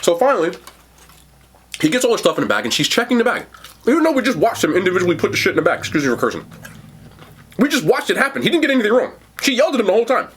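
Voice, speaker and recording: Lively husky-voiced man telling a story. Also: high-pitched, racing. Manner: animated, slangy, addresses viewers as bro and y'all. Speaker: food review vlogger. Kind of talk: casual storytelling to camera.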